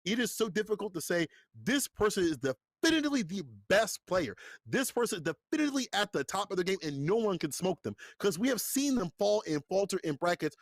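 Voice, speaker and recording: A man casting a fighting-game tournament live, hyped and playful and quick to laugh. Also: sits high, very animated, no echo. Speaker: esports commentator.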